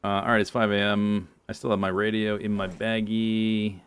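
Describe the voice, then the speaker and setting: A man's voice: fairly low pitch, little pitch movement, normal speed, smooth, no room sound. A man streaming a survival game, talking casually to chat, joking dryly and muttering through his inventory. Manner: dry, joking, muttering lists to himself. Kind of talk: casual gameplay commentary.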